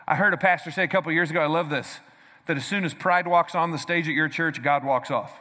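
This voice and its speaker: A man with a high, bright, forceful voice preaches energetically to a congregation, punching his lines and calling for responses. His voice rings out through a large church hall with a long reverb. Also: lively intonation, fast. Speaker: pastor. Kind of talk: sermon.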